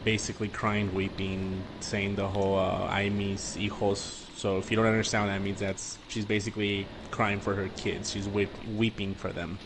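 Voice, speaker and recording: Young man from the border region, lower voice, easygoing storyteller, audible hiss. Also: moderate pace, few pauses. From US-Mexico border region. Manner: relaxed, swears freely, many fillers. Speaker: podcast guest. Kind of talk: casual storytelling chat.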